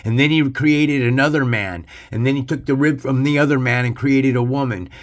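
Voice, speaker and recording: A man's voice: mid-range voice, fairly even intonation, brisk. Profane, preachy man ranting. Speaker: channel host. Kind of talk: ranting religious commentary.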